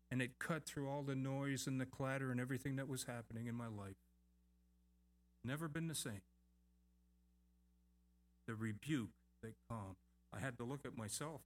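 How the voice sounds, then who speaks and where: A middle-aged man preaching a sermon at an even, mid-range pitch. He drives points home by repeating phrases and breaks off for chatty asides. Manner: emphatic repetition, lively asides. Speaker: pastor.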